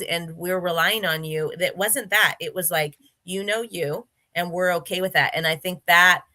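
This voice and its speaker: Interview guest, woman, chatty anecdote-teller, bright forceful voice. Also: lowish voice. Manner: chatty storyteller, many fillers and restarts. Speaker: interview guest, former gymnast. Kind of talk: casual interview chat.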